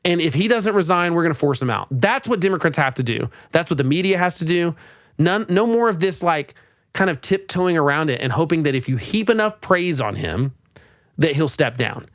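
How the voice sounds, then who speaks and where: Man, podcast host, exasperated rant, sarcastic mock quotes, higher voice, dry room. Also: animated, fairly quick, a bit bright, no room sound. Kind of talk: opinionated political commentary.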